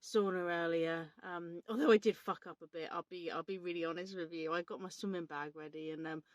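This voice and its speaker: A woman's voice: fairly low pitch, steady tone, fairly quick, no echo. A woman talking casually to camera from inside her camper van, chatty and swearing freely. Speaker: vlogger. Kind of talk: casual vlog chat.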